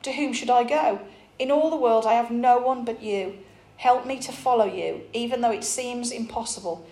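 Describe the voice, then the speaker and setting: A woman's voice: fairly high pitch, normal speed, mellow, lightly acted. A woman voicing a frightened, timid young pilgrim woman who pleads tearfully and breathlessly, in a roomy recording. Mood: pleading. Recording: roomy echo.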